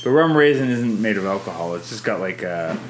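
A man hosting a casual family podcast at home, gently coaxing his kids with questions and often restarting his sentences. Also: lowish voice, lively intonation, a little fast. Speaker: podcast host interviewing his children. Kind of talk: casual family chat about a movie. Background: faint cleaning noise.

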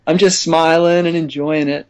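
A man being interviewed as a songwriter guest, talking in a relaxed, chatty way and laughing easily. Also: on the high side, moderate pace, smooth. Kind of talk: casual interview chat.

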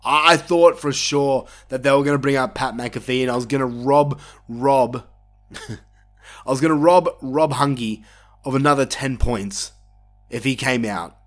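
A man talks through a wrestling show on his podcast in a loose, opinionated way, swearing freely. His voice sits at an ordinary middle pitch and jumps up when something excites him. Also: measured pace, soft background music. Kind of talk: casual review monologue.

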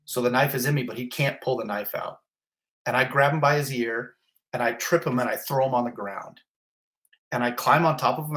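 A man's voice: mid-range voice, a bit bright. A middle-aged fire captain telling his own story in an interview, intense and vivid in short repeated clauses. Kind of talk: personal storytelling in a podcast interview.

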